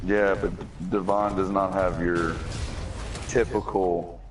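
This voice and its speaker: A man's voice: low-pitched, flat delivery, slow pace, noisy background. A man hosting a gaming stream, rambling and joking crudely with friends. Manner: rambling storyteller, crude jokes. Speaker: streamer host. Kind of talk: casual gaming banter. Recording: distant from the mic.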